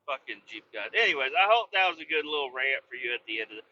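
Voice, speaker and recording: Guy ranting and cussing nonstop, real lively swoopy voice, dull lo-fi sound. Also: mid-range voice, fast, few pauses, no echo. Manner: profane, swearing constantly; mocking, shouts in bursts. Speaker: host. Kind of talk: comedic rant.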